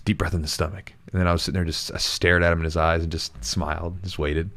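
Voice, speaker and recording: A man's voice: low-pitched, steady tone, fast talker. A man hosting a jiu-jitsu podcast, talking in an earnest, rambling way with frequent restarts. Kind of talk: casual podcast chat.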